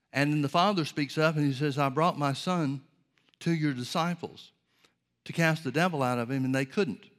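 Preaching a sermon, a medium-pitched man teaches earnestly and at a measured pace, posing rhetorical questions along the way.

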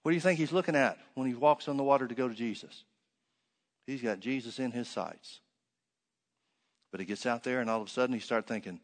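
A man preaching a sermon, reading scripture aloud and then explaining it with rhetorical questions, swinging between loud emphatic stresses and hushed asides. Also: mid-range voice, a little fast, long pauses.

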